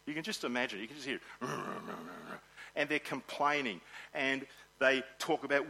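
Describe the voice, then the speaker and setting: A man preaching to his congregation. He talks in a lively, animated way and acts out the grumbling of the people in his story. His voice is bright and forward, at a middling pitch. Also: a little slow, creaky, breathy edge, low-quality recording. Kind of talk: sermon.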